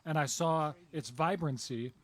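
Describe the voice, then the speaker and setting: A man co-hosting a live outdoor show from a theater patio, telling meandering anecdotes in a relaxed chat. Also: on the high side, measured pace. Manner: chatty storyteller with meandering anecdotes. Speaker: co-host. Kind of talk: casual chat.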